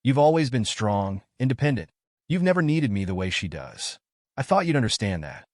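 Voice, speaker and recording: A man's voice: mid-range voice, sing-song, moderate pace, no room sound, studio quality, lightly acted. A man voicing a hurt, stubborn middle-aged father who sounds strained and bitter.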